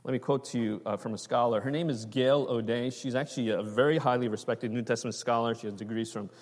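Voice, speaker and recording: A man delivers a sermon in a relaxed, conversational way, pausing to check in with his listeners with "right?" and "okay?". His voice sits at an ordinary middle pitch. It carries a long reverb, like a large church sanctuary. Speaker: preacher.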